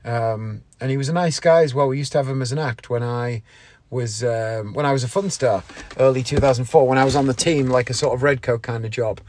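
A podcast host who also works as a variety magician delivers a casual monologue, rambling and chatty with plenty of ums and side remarks. His voice is mid-range and a little mellow, and he talks fairly quickly.

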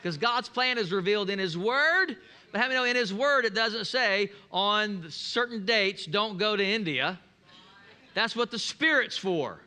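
A man's voice: high voice, animated, measured pace, sharp tone. A male pastor preaching a sermon, telling stories with folksy humor and leading the congregation in call-and-response.

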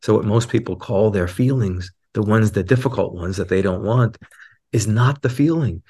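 A man speaking as a guest teacher in a reflective podcast conversation, an animated storyteller who acts out quotes in a raised voice. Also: lowish voice, moderate pace, slightly rough.

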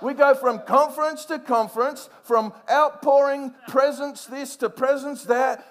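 A male preacher giving a sermon in an animated manner, rising to emphatic points and playfully acting out scenes. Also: very high-pitched, measured pace, few pauses.

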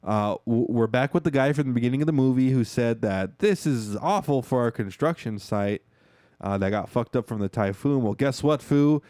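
A man hosting a podcast, recapping a movie in loose, profane chat and acting out lines in quick asides. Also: medium pitch, expressive, mellow, no room sound, studio quality. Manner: profane, keeps calling listeners "foos", acts out movie dialogue in quick asides. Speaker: podcast host.

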